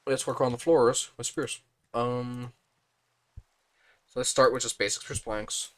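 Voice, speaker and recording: A young man streaming live, thinking aloud in a relaxed, casual way as he builds in a game. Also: medium pitch, a little slow.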